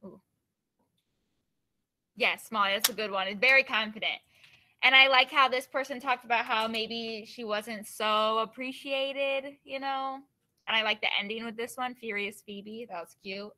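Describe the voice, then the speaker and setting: Upbeat, bright-voiced woman teacher. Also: on the high side, fairly even intonation, moderate pace, a little hiss or hum. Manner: upbeat, encouraging. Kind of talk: classroom lesson.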